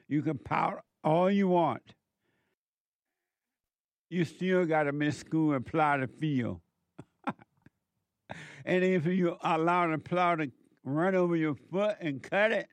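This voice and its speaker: A man giving a preachy political commentary monologue, slow and emphatic, exhorting his listeners. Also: on the high side, dry recording.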